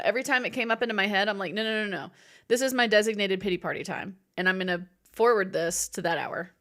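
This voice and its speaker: Bubbly, lively woman streamer. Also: on the high side. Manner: bubbly and chatty, giggles often; playfully acts out her own thoughts in quotes. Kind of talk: casual live-stream chat, reading viewer messages.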